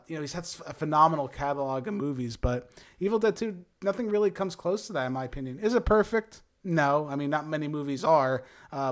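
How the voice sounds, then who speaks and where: A young man co-hosting a casual movie review chat, talking with enthusiasm and now and then slipping into a showy announcer tone. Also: on the high side. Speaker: movie review show co-host.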